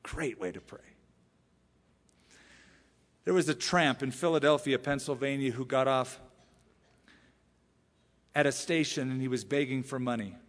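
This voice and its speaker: A man preaching a sermon as a pastor, animated and emphatic, repeating phrases for effect. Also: medium pitch, a little slow, long pauses. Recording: long reverb of a large church hall.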